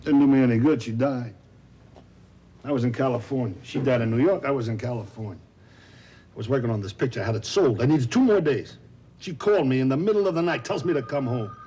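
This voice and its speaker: An actor playing a loud, wisecracking, self-pitying middle-aged talent agent in a 1970s television drama. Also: male voice, mid-range voice, quick pace, lightly acted. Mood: regretful. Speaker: theatrical agent.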